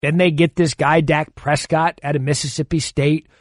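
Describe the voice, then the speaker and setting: A man's voice: fairly high pitch, flat delivery, normal speed, dry recording. Man arguing sports on radio, dry sound. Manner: argumentative, builds long points with analogies. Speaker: fill-in sports radio co-host. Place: radio studio.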